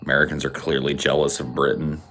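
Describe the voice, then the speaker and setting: A man's voice: rumbling low, little pitch movement, fast talker, bright, forceful tone. A man hosting a podcast, chatting casually and reading comments aloud in a sarcastic, crude way. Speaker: podcast host.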